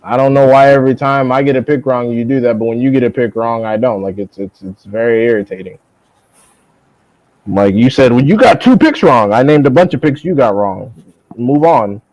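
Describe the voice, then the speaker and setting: A man's voice: normal speed, a little mellow, highs cut off. Profane young man ranting on a stream. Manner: profane, mocking, mimics others in high voices. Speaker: boxing stream host. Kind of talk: heated casual live-stream rant.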